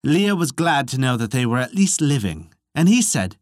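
A podcast storyteller reading an old legend in a measured, expressive voice. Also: mid-range voice, no echo, studio quality. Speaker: storyteller narrating folklore. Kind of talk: audiobook-style narration.

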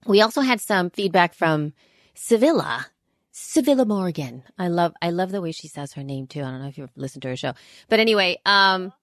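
A woman's voice: fairly low pitch, expressive, a little fast, no room sound, studio quality. A woman co-hosting a podcast in casual chat, talking at length with frequent restarts. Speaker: podcast co-host.

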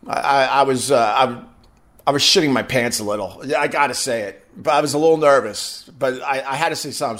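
A man spins a casual story for his live viewers, his pitch swooping up and down as he acts out what others said. His voice sits a bit high for a man, and he swears freely. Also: fairly bright tone. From New York. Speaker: host chatting with live viewers.

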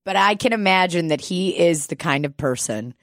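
Profane, storytelling woman with a low voice. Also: animated, normal speed, dry recording, studio quality. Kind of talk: casual storytelling chat.

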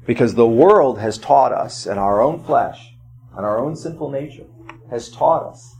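A man preaching a sermon as pastor, swinging from loud emphatic cries to low quiet asides. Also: expressive, unhurried, vocal fry.

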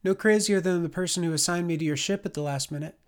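A woman's voice: fairly low pitch, fast, lightly acted. A man voicing a guarded young recruit.

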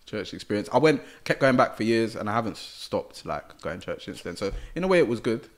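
A man, chatting on a podcast and recalling a story in a relaxed way. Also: fairly low pitch, brisk. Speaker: podcast co-host. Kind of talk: casual chat.

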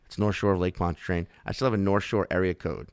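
A man's voice: deep voice, steady tone, fast, clean tone, dry recording, clean studio sound. A man from the New Orleans area in his thirties, a comedian rambling and swearing in casual podcast chat. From New Orleans area, Louisiana. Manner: rambling, profane, laid-back.

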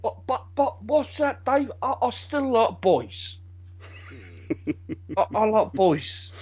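A high-pitched man from Britain talks in a loose, rambling way, swearing and stumbling over his restarts. The recording sounds dull and lo-fi. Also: slow pace, long pauses, slightly rough. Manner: rambling, animated, swears freely, frequent restarts. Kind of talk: casual chat.

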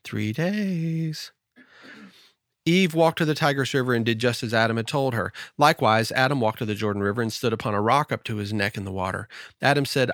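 A man's voice: mid-range voice, brisk, a bit bright, no room sound, clean studio sound. A man co-hosting a Bible study podcast, reading passages aloud with joking asides. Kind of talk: reading scripture and casual discussion.

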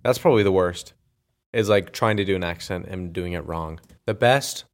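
Low-voiced joking male podcast host. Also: moderate pace. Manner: jokey, leads into segments. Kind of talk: casual podcast banter.

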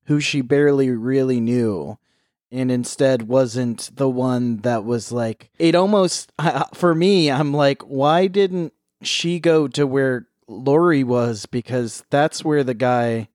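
A man's voice: medium pitch, slow, darkish tone, dry recording, clean studio sound. A man co-hosting a casual book podcast, making wry joking asides about the characters. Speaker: podcast co-host. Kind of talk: casual book-club chat.

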